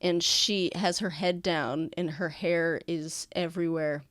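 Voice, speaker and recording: A woman game master narrating a tabletop game and describing each scene with frequent fillers. Her voice sits on the low side and sounds dry and close. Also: fairly even intonation, measured pace, fairly bright tone, dry recording.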